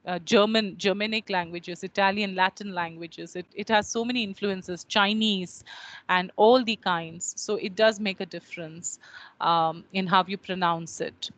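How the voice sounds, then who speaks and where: A woman's voice: mid-range voice, fairly even intonation, normal speed, fairly bright tone, dry recording, poor audio. Indian English woman lecturing online. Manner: explanatory, with frequent checking questions.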